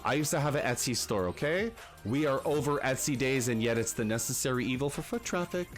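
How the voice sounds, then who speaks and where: A man hosting a casual livestream, talking to viewers in an animated, chatty way and slipping into rants. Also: mid-range voice, fairly quick, faint music behind. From Canada. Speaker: livestream host.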